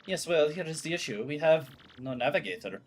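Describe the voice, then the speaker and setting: A man's voice: on the high side, lively intonation, fairly quick, husky. A man voicing a pompous, flamboyant male ship owner who speaks in a grand, theatrical manner. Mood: grandiose.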